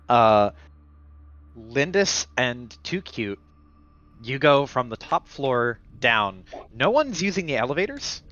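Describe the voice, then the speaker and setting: A man's voice: mid-range voice, sharp tone. A man narrating as game master of a tabletop role-playing game, casual and rambling. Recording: dull lo-fi stream mic.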